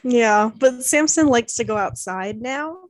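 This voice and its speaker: A woman's voice: fairly high pitch, expressive, unhurried, no room sound. A young woman in casual chat, telling a family story with many fillers and acting out what her relatives said. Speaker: podcast co-host.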